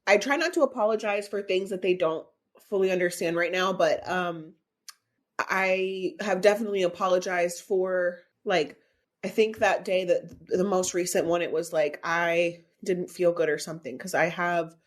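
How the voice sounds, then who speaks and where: A woman in her thirties co-hosting a podcast, talking openly and haltingly about her feelings and close to tears. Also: on the low side, steady tone. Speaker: podcast co-host. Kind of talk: candid emotional podcast chat.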